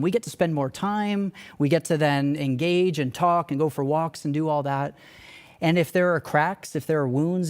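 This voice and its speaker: A young man with a voice pitched a little above most men's. He speaks from a church stage as a staff speaker, telling a personal story in an earnest, candid and conversational way.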